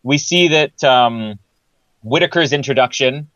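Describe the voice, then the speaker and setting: A man's voice: mid-range voice, a little slow, a bit bright, no room sound, muffled recording. A man co-hosting a casual film podcast who mocks silly plot logic with exasperated humour. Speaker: podcast co-host. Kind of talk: casual film-review chat.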